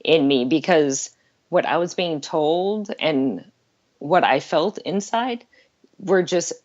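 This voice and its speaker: A woman's voice: low voice, slow, a little mellow, highs cut off. A middle-aged woman talking earnestly and candidly as a guest on an interview podcast, laughing now and then. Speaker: life coach guest.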